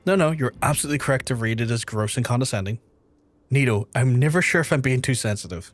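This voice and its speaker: A man's voice: medium pitch, fast talker. Cursing, chatty male game streamer. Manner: swears freely, laughs, chats with viewers. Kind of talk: casual live-stream chat.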